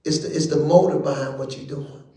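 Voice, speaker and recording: A man with a high, bright preaching voice works a church room with folksy call-and-response talk. He swings from quiet asides up into shouted lines. The sound rings with the echo of the room. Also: steady tone, brisk. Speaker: bishop teaching Bible study. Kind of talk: lively preaching to a congregation.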